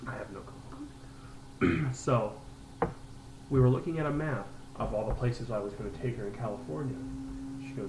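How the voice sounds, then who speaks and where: A man's voice: mid-range voice, normal speed, pauses often, reverberant, heavy background noise. A young man in casual chat, telling a story with a lot of swearing and laughing as he goes. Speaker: podcast co-host telling a story.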